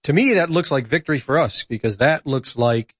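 Animated man with a dry, close sound. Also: mid-range voice, a little fast, husky, no room sound. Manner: animated storyteller, hesitant fillers. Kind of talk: casual political chat.

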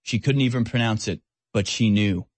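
A man's voice: fairly low pitch, normal speed, darkish tone, no room sound. A man hosting a talk radio show, speaking in a sarcastic, mocking and scornful way as he rants and takes calls. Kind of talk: opinionated talk radio monologue.

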